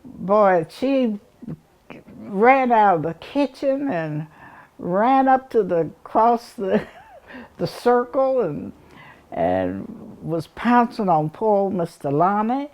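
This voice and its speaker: Slow-talking older Appalachian woman. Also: medium pitch, very animated, a little mellow. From Appalachia, East Tennessee. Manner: rambling, chuckling, acts out the people she recalls. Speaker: oral history interviewee. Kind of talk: reminiscing storytelling.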